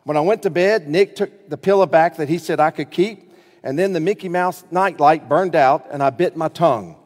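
A man reading aloud as a grumpy six-year-old boy having a terrible day, slow and sulky like a storybook. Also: on the high side, a little mellow, lightly acted. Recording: long reverb of a large hall.

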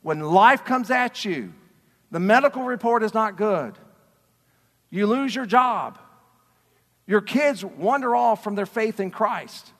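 Impassioned male pastor, bright, echoing hall. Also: high voice, expressive, slow pace, long pauses. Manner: impassioned preaching, swings from quiet to shouting. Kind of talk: sermon. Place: church sanctuary.

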